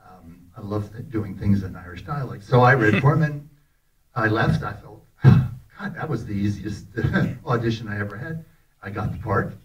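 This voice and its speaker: An older actor telling anecdotes to a festival audience in an animated, laughing way, often acting out the lines he quotes. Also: fairly low pitch, normal speed, highs cut off. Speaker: actor telling stories about a film. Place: festival talk in a hall. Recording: voice picked up from a distance.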